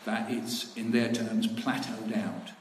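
A man's voice: lowish voice, fairly even intonation, slow. Guy telling funny stories at a talk, chatty, laughs a lot, echoey noisy room. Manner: chatty, laughing asides, acts out quotes. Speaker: speaker at a talk. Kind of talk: anecdotal storytelling to an audience. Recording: echoey hall with background noise.

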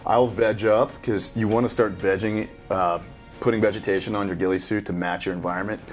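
Low-voiced vet dude in his 30s cussing through stories, chill chat, bit of music in the back. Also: steady tone, brisk. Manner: profane, swears constantly, loose storytelling. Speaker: special operations veteran reacting to a game. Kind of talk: casual reaction chat, storytelling.

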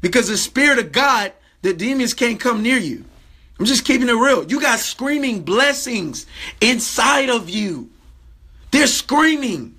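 A man's voice: very high voice, lively intonation, a little slow, bright, forceful tone, breathy edge. A man preaching a livestream sermon with a fervent, repetitive cadence.

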